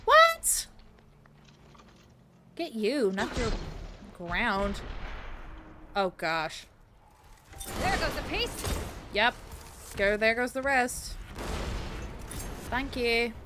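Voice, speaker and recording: Against a noisy background, a woman streams as a VTuber in a fairly high, expressive voice, taking her time with long pauses. Playful and casual, she drifts from topic to topic while gaming and answers back to the game.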